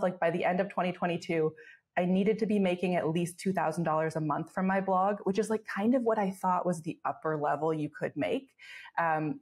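A woman's voice: on the low side, a little mellow. A young woman in her twenties, a podcast guest telling stories in casual chat, filler-heavy and laughing often. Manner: fast storytelling with many fillers and laughs. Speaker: guest, travel blogger.

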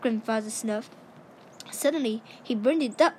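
A woman reading a children's chapter book aloud in a plain, steady way, with a few small slips and restarts. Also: high voice, moderate pace, a little hiss or hum. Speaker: audiobook reader. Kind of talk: storybook narration read aloud.

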